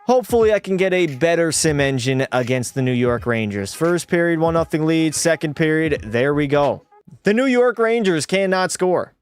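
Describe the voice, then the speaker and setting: Frustrated young streamer ranting. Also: male voice, fairly high pitch, expressive, moderate pace, clear, resonant tone. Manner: frustrated, profane ranting at the game; talks to chat. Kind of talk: live gameplay commentary.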